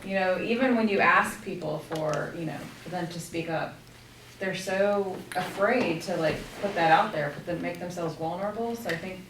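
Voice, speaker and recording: Woman chiming in at a workshop, kinda low, lots of um and like, sounds far off in an echoey room. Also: normal speed, noisy background. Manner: hesitant, full of fillers. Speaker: workshop participant. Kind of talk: sharing in a group discussion. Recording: distant, echoey room mic.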